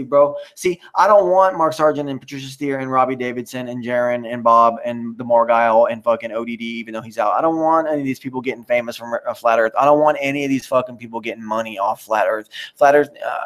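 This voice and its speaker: A man hosting a live stream, ranting in a rambling, profane and mocking way while answering the chat. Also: medium pitch. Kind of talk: casual live-stream rant.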